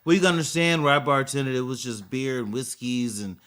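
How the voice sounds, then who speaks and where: Male podcast co-host with a bright voice; casual, animated, acts out little scenes. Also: medium pitch, a little fast. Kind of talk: casual chat.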